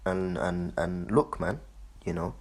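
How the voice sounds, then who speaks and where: A man's voice: low-pitched, slow pace, darkish tone. A man giving loose, profane commentary on a video, laughing often and repeating himself. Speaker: online commentator.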